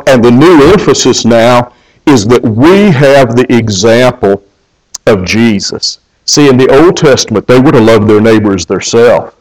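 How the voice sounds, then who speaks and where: A man's voice: mid-range voice, rough recording. A male pastor preaching a sermon in an earnest way, often restarting and repeating words.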